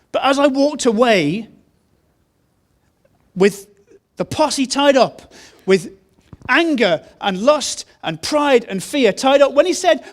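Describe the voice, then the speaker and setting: A man's voice: very high-pitched, expressive, slow, long pauses. A man preaching a sermon, telling a story in an earnest way and repeating key phrases. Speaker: pastor.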